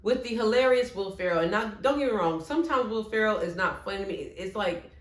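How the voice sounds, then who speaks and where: A woman vlogger ranking her favorite movies in casual chat, expressive, with playful asides. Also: medium pitch, quick pace. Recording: echoey room.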